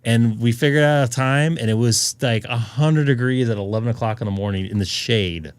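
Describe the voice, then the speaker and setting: A man's voice: mid-range voice, a little fast, smooth, no room sound. A man hosting a ham radio live stream, chatting in a rambling, jokey way and laughing often. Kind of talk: casual chat on a live stream.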